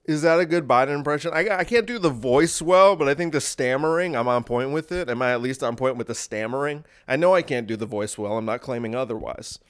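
A man hosting a podcast, delivering a rambling sarcastic monologue with deadpan asides. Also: mid-range voice, a little fast, few pauses, smooth. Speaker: podcast host.

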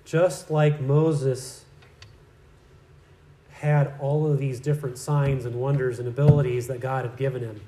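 A man's voice: medium pitch, level tone, measured pace, noisy background. Conversational preacher man, echoey church. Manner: conversational, storytelling with asides. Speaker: pastor. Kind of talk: sermon.

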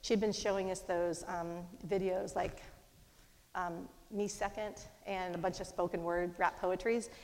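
Middle-aged woman telling a story, talks fast and animated, voice rings out in a big echoey hall. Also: on the low side. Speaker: speaker. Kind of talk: personal storytelling talk. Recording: long hall reverb.

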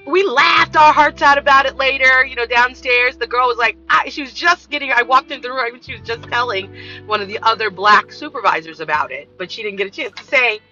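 Here a female vlogger, speaking fairly quickly in a slightly high voice, recounts a work story in a relaxed monologue. She is animated and performs the voices of the characters involved. Faint music plays under dull, lo-fi audio.

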